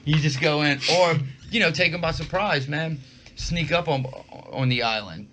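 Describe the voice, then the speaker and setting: A man's voice: on the high side, normal speed, a bit bright, slight background noise. A man co-hosting a casual podcast chat, rambling with lots of restarts and fillers. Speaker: podcast co-host.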